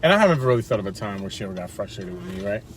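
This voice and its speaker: A man's voice: fairly low pitch, big pitch swings, very fast. Laid-back slangy man, faint background noise. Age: adult with wife and kids. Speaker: vlogger. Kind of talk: casual motivational talk to camera.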